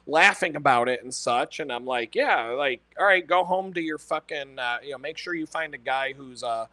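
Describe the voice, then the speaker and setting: A man rattles off a brash, foul-mouthed story and laughs at his own punchlines. His voice sits high and bright. The mic is close and dry, with no room sound at all. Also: moderate pace, no echo. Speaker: podcast host. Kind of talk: casual profane storytelling monologue.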